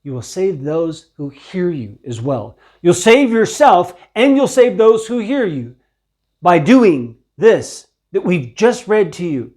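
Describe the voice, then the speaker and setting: Stern, slow-spoken man preaching. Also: sits high, sing-song. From Ukraine. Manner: stern, slow and deliberate, gentle but terse rebuke. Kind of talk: scripture teaching sermon.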